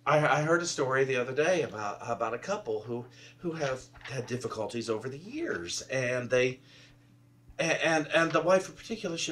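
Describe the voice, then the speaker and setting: A man's voice: medium pitch, recorded from a distance, a little hiss or hum. A man preaching a conversational sermon from the pulpit, telling stories and laughing often as he speaks. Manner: animated storytelling, laughs often. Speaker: minister. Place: church sanctuary.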